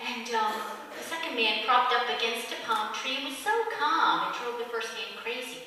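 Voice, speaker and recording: A woman leading a church service, telling jokes to the congregation in a lively storytelling manner. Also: on the high side, a little fast, hardly any pauses, a little hiss or hum. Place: large church sanctuary. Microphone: distant room mic. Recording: echoey church hall from far off.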